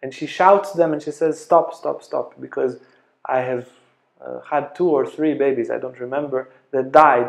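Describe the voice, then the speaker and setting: A man giving a lecture as a yoga teacher, telling stories in a lively way and acting out the voices of people in them. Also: fairly high pitch. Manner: animated storyteller, acts out quoted voices. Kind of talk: storytelling lecture. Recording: echoey room.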